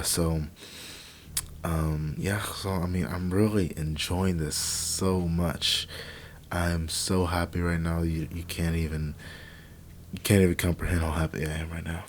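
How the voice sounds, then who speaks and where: A young man quietly commenting on a truck driving game at home at night, rambling with lots of fillers and restarts on a cheap desk microphone. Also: sits low. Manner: hushed, quiet talking to avoid waking family. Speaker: let's play gamer. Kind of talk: casual gameplay commentary.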